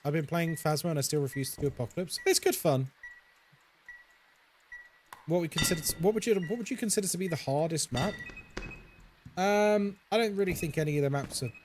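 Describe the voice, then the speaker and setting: A man's voice: fairly high pitch, background noise. A young man streaming a horror game, chatting casually and playfully with his viewers as he plays. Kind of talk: casual live-stream chat while gaming.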